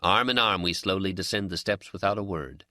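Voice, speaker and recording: A deep-voiced man reads an audiobook with reflective, expressive narration. His tone is bright and his pitch moves a lot, captured in a dry, close studio recording. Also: fairly quick, dry recording. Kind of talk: scripted narration.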